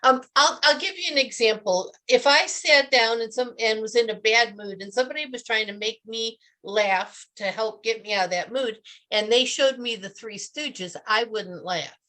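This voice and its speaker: A woman's voice: fairly high pitch, moderate pace, hardly any pauses, sharp tone. A woman speaking as a guest on a radio interview, telling stories in an upbeat, chatty way.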